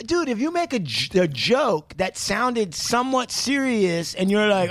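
A man hosting a casual podcast talks in a loose, rambling way and swears freely, with lots of "like" and "you know". His voice sits a bit high for a man. It is recorded close and dry, with no room sound. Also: big pitch swings, unhurried, a bit bright, no room sound. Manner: rambling, profane explainer full of "like". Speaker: podcast host. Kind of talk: casual chat.

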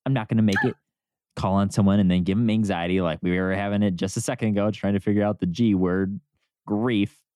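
A man's voice: lowish voice, steady tone, fairly quick, darkish tone, no echo. A man hosting a podcast casually, joking and steering the conversation. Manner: jokey, steers the talk. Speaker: podcast host.

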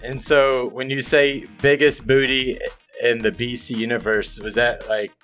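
A man's voice: mid-range voice, flat delivery, measured pace, a bit bright, faint music behind. A man co-hosting a casual podcast, teasing the guest playfully. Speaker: podcast co-host.

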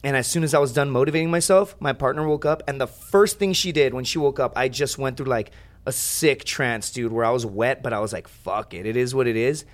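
This young podcast guest talks a little fast at a medium pitch while telling a story. His style is rambling and profane, broken up by lots of animated side comments.

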